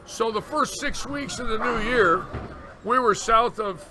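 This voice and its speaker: A bowling commentator in his sixties, with a very high voice and a slightly slow pace, tells long stories in casual conversation. He's an animated storyteller who acts out the quotes, and the recording carries noticeable background noise.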